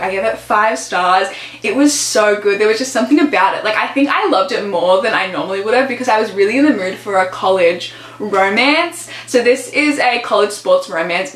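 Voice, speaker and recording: A woman's voice: mid-range voice, fairly bright tone, roomy sound. A young woman from Australia, a book vlogger, chatting casually and gushing with lots of "like" fillers. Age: young adult. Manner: gushing, chatty, heavy use of "like". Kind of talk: casual chat.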